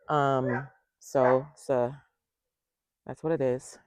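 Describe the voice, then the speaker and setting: Guy with a gravelly voice chatting thru his backyard garden tour, talking right to viewers, dry close sound. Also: mid-range voice, normal speed, darkish tone, no room sound. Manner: chatty, talks straight to viewers and thinks aloud. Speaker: home gardener giving a tour. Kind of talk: casual garden tour vlog.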